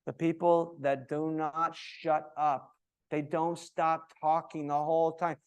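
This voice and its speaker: Animated male yoga teacher, smooth voice. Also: a little high, measured pace. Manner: varied, animated delivery with sing-song cueing. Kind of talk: teacher training lecture. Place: yoga studio.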